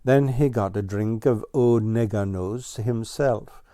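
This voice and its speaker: A man reading a children's storybook aloud as narrator, in a gentle, even storytelling manner. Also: lowish voice, takes it slowly, dry recording, studio quality.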